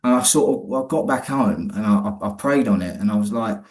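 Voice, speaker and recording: A man, his voice sitting on the low side, talks as an interview guest. He tells a personal story loosely and colloquially, often stopping and starting again mid-sentence. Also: lively intonation, fairly quick, a little mellow. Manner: rambling, restarts often, colloquial.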